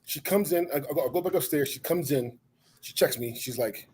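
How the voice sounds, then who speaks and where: A man telling a story in a relaxed, casual chat, often quoting what others said. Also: mid-range voice, fast talker, a little hiss or hum. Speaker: guest.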